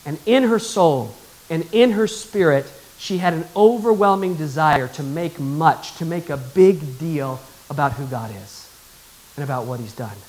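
A man's voice: fairly high pitch, unhurried, darkish tone, rough recording. A male pastor preaching a sermon, emphatic and calling on the congregation to answer back. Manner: emphatic, calls for congregation response.

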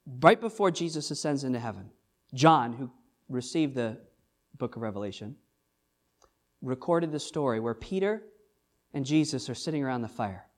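A man's voice: medium pitch, animated, moderate pace, long pauses. A pastor preaching to his congregation in a church. His delivery is earnest and emphatic, full of rhetorical questions and phrases repeated for weight. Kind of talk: sermon.

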